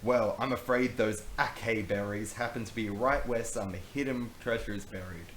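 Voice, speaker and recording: A man's voice: lowish voice, fairly even intonation, moderate pace, a bit bright, natural voice. A man voicing a smug, villainous pirate captain with a sneering, theatrical delivery, in an echoey room with faint hiss. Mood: mocking.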